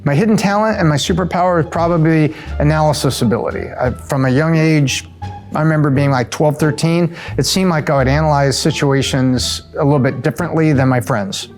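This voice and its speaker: A middle-aged man from the US East Coast answers rapid-fire questions in a relaxed, chatty way, often restarting his sentences. His voice sits fairly high for a man, and faint music plays underneath. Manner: upbeat, chatty, with fillers and self-corrections. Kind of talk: casual Q&A answers.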